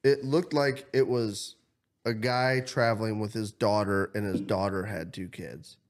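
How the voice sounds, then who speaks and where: A man's voice: fairly low pitch, measured pace. Midwest guy on a podcast telling a story, cussing, doing everyone's voices. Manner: animated, swears freely, acts out quotes. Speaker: podcast co-host. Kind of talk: casual storytelling chat.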